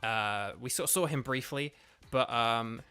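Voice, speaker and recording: Medium in pitch, clear and resonant with a sharp tone, this young British streamer and voice actor talks a little slowly. Faint background music plays as he chats loosely through a gaming livestream, filling gaps with lots of fillers.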